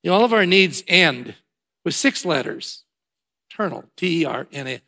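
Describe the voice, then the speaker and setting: A male preacher giving a sermon, shifting between loud emphatic lines and quiet, low passages, with repeated rhythmic phrases. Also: animated, normal speed.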